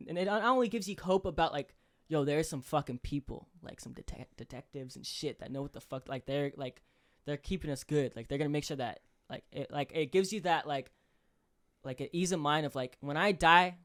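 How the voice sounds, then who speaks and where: A man's voice: fairly high pitch, a little fast, a bit bright. A young man co-hosting a podcast, retelling a true crime case in casual chat, swearing constantly and acting out the people he quotes, with lots of fillers. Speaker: podcast co-host.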